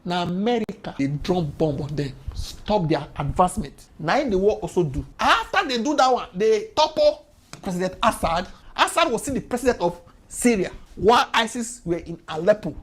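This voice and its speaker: A woman's voice: mid-range voice, expressive, moderate pace, husky. A woman with a Nigerian accent giving impassioned political commentary, firing off rhetorical questions and mixing Pidgin with English.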